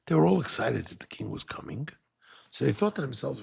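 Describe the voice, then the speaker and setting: A man's voice: mid-range voice, a little fast, creaky, husky. A man telling a parable in a sermon, acting out the characters as he goes. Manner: animated storyteller acting out the characters. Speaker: rabbi. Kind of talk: sermon storytelling.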